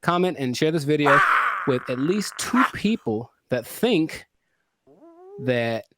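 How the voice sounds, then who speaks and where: A man's voice: on the high side, big pitch swings, slow, heavy background noise. A man hosting a podcast, chatting casually and riffing playfully. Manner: playful, riffing, self-correcting. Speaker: podcast host.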